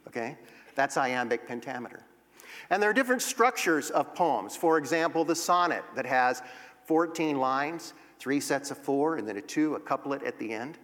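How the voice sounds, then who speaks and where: This Bible class teacher has a mid-range, fairly bright voice with lively intonation and a normal pace. He walks through poetry step by step, reading verses aloud and tapping rhythms, recorded with a long hall reverb.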